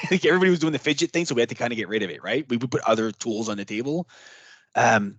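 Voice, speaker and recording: A man giving a casual workshop talk as a trainer, chatty and animated, acting out what clients might say. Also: on the high side, no echo.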